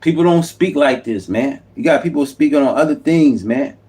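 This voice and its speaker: A man's voice: a little high, animated, moderate pace, dark tone. A man, delivering an unscripted, impassioned political monologue as a YouTube commentator, repeating himself and preaching.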